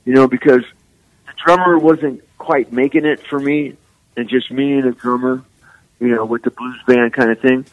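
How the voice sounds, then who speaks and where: An older man from San Francisco, a musician guest, telling rambling, animated stories full of "man" and "you know.". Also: mid-range voice, normal speed, dry recording, dull audio. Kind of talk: casual storytelling interview.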